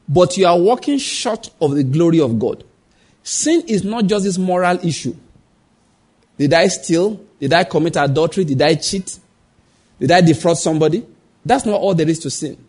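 A man preaches a sermon in a fairly high, husky voice. He keeps asking the congregation rhetorical questions and drops into the voices of the people in his family stories. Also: animated, normal speed, darkish tone. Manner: acts out quoted voices. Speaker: pastor.

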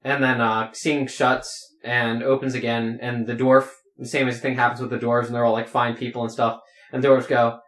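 A man's voice: mid-range voice, level tone, moderate pace, fairly bright tone. A man running a tabletop game as game master, rambling with many fillers. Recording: roomy echo.

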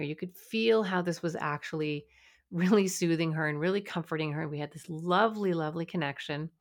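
A middle-aged woman, a child and family therapist, hosting a solo parenting podcast in a conversational, animated storytelling way. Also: lowish voice.

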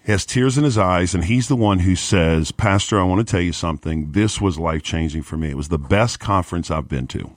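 Deep-voiced pastor telling a story. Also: male voice, fairly quick, few pauses, no room sound, clean studio sound. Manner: earnest retelling with quoted dialogue. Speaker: pastor and conference speaker. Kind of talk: storytelling on a podcast.

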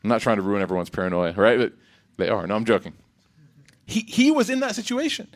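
A man giving an Islamic reminder talk in a lively, rhetorical way, breaking into quick Arabic recitation. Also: lowish voice. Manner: animated, rhetorical, acts out quotes. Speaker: religious speaker.

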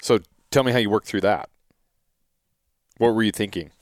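A man's voice: fairly low pitch, moderate pace, a little mellow, no room sound, studio quality. A man hosting a podcast interview, asking questions and chiming in with short replies. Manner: prompting questions, short backchannels. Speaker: podcast host. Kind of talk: casual interview chat.

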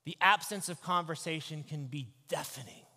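A man, a pastor, giving an animated, conversational sermon into a microphone. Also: a little high, normal speed. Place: church sanctuary. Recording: echoey church hall.

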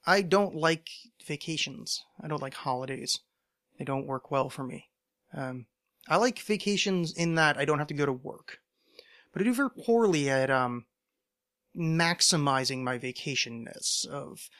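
Using a home podcast mic, this American podcast host delivers a casual monologue on his own in a medium-pitched, slightly bright voice. He rambles, pokes fun at himself, and drops wry asides.

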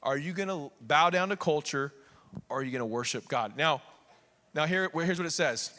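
A male pastor preaching an animated sermon, swinging between quiet asides and raised preaching and acting out the figures in quick voices. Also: on the high side, big-room sound. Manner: acts out the king and others in quick voices. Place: church sanctuary.

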